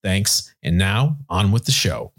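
A man with a lowish voice co-hosts a casual music podcast. He tells stories in an easy, relaxed way. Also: measured pace. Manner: relaxed, storytelling. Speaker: podcast co-host.

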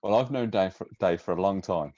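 A man's voice: low-pitched, fairly quick, a little mellow, dry recording. A man in easygoing podcast banter, agreeing and giggling. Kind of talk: casual banter with friends. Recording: dry, dull podcast mic.

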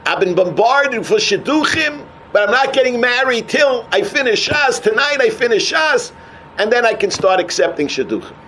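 A man's voice: very high voice, big pitch swings, moderate pace, pushed and bright, slight background noise, pitched above the performer's own voice, full character voice. A man voicing a determined young yeshiva student in a Yiddish-inflected English.

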